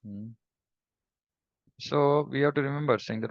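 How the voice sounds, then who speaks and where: A man giving a devotional scripture class in a reflective, measured way, pausing often and humming between thoughts. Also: mid-range voice, vocal fry, dry recording, dull audio. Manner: reflective, measured, with pauses and hums. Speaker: scripture teacher.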